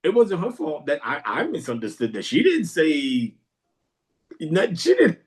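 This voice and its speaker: A young man, hosting a podcast and telling a comic story in a slangy, animated way. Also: on the high side, normal speed. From New York. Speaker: podcast host. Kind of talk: casual storytelling.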